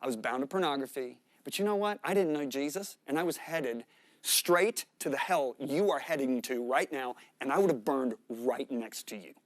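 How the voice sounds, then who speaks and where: A middle-aged man preaching, telling a story with animated, dramatic shifts in voice as he acts out the dialogue. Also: moderate pace, no room sound. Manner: animated storytelling, acting out dialogue with sharp rises in pitch and volume. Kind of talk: sermon storytelling.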